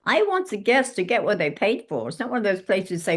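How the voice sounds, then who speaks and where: A British woman in her eighties, from England, telling lively stories as a guest in an interview and acting out the dialogue in them. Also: mid-range voice, fairly quick. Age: 80s. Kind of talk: casual interview storytelling.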